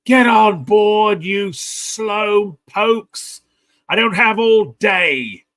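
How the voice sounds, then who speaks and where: A man voicing a gruff, bullying male ship officer who barks orders and threatens. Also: medium pitch, measured pace, fairly bright tone. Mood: impatient shouting. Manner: barking, menacing.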